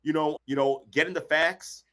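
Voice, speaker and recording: A man hosting a motivational workshop over a video call, acting out quotes and bursting into shouts. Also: fairly high pitch, fairly even intonation, normal speed. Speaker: workshop host, counselor.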